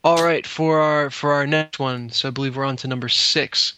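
A man's voice: mid-range voice, steady tone, normal speed, pushed and bright, dull audio, a little hiss or hum. A man hosting a casual gaming podcast quiz, reading out taglines and laughing along with his co-hosts. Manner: reads quotes aloud, laughs often. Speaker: quiz host.

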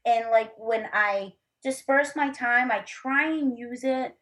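A woman's voice: fairly high pitch, takes it slowly, fairly bright tone. A woman in her thirties, a podcast guest chatting casually into a laptop mic, rambling with lots of fillers and frank swearing. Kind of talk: casual chat. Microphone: laptop microphone.

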